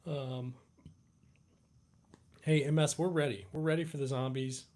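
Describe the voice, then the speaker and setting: A man hosting a live Q&A stream, sounding tired and yawning between thoughts. His talk is laid-back and halting, full of fillers and restarts. His voice sits at an ordinary middle pitch. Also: fairly even intonation, darkish tone. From United States. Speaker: livestream host.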